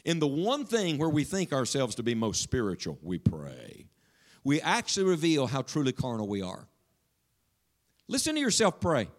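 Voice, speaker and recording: A man preaching a sermon to his congregation in a church, emphatic and questioning, dropping suddenly to a hush. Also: mid-range voice, wildly swooping pitch, normal speed. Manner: speaks directly to the congregation with questions. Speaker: pastor.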